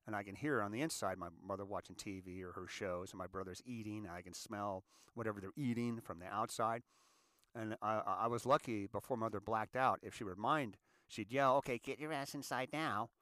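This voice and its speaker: A man of sixty from California, hosting a show and telling his story in an earnest, halting monologue that often repeats words. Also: on the low side, steady tone, a bit bright, no room sound. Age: 60s. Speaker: show host. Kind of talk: confessional monologue.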